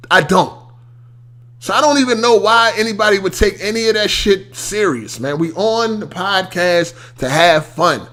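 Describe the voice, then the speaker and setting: A man's voice: sits high, animated, a little slow, sharp tone. A young man hosting a podcast, ranting in a heated, casual way, swearing and repeating his points for emphasis. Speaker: podcast host.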